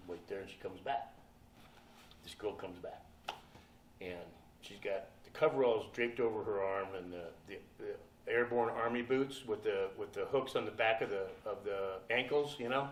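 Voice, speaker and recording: A man's voice: lowish voice, normal speed, a little hiss or hum. Older man, storytelling on a convention panel, profane, laughing, echoey room, far from the mic. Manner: profane, laughing, acts out the people in his story. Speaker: guest actor at a convention panel. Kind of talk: anecdotal storytelling to an audience.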